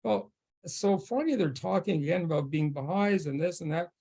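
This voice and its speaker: Halting, slightly high-voiced man telling a story. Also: lively intonation, gravelly, dark tone, slightly rough. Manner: halting, with many restarts and fillers; laughs often while telling the story. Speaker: guest speaker at a faith forum. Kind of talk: storytelling talk.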